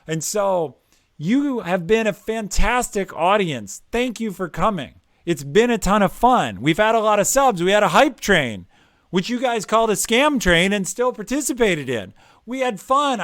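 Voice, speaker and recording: A middle-aged man chats casually as host of a career-advice live stream. His voice sits a little high for a man. He rambles and jokes with plenty of ums, recorded dry and close. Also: no room sound. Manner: chatty, rambling, jokey, with frequent ums and uhs.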